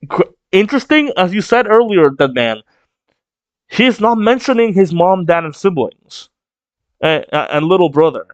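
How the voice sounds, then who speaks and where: A man's voice: high voice, big pitch swings, measured pace, dry recording. A man giving casual, rambling reaction commentary on a manga chapter, full of fillers and swearing.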